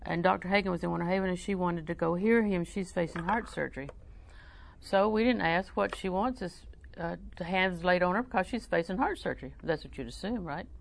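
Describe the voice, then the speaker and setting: A woman preaching a folksy sermon. She tells personal stories in a humorous, conversational way and switches between soft asides and loud, emphatic preaching. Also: on the low side, a little fast, creaky, background noise.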